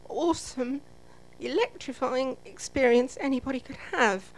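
A woman's voice: fairly low pitch, expressive, unhurried, poor audio. A woman giving an emotional testimony at a church service, close to tears. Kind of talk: spoken testimony.

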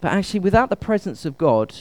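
A man gives a conversational sermon, often turning questions back to the congregation. His voice sits fairly high for a man. The sound is dry and close, with little room echo. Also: very animated, fast talker. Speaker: preacher. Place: church service.

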